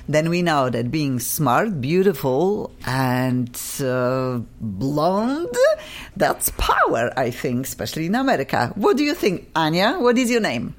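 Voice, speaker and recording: A middle-aged woman from Poland with a Polish accent, hosting a lively radio talk show, effusive and laughing often. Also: sits low.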